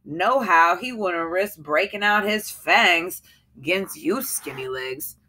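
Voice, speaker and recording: A woman's voice: on the low side, expressive, slow pace, sharp tone, full character voice. A woman doing a sneering brute. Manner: sneering, swaggering. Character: cruel, boastful Southern husband, adult man.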